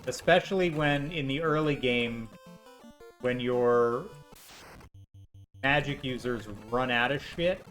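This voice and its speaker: Over faint game music, a man plays an old role-playing video game and keeps up sarcastic, rambling commentary full of jokey asides. His voice is medium-pitched and fairly bright, and he talks slowly with long pauses.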